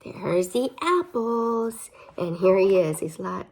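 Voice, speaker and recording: Young woman, picture book read-aloud, very lively melody, unhurried, chatty asides to kids. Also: mid-range voice. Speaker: storybook reader.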